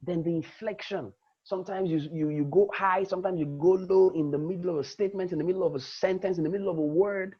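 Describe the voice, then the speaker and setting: A man teaching a public speaking lesson, demonstrating emphasis and often shifting between loud and soft delivery. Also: high-pitched, fairly even intonation, fast, husky, lo-fi sound, faint music behind. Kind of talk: lecture.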